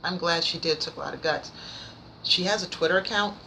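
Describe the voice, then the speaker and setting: A woman reviewing books in a casual vlog, nervous and rambling, stumbling over her words but excited and passionate. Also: fairly low pitch, fairly quick, creaky, slight background noise, rough recording. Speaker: book vlogger. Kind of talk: casual book review chat.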